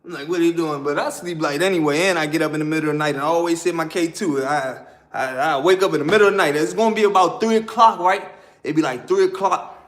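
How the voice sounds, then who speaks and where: A man telling a story in a casual, animated, slangy way, laughing often. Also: fairly high pitch, fast talker.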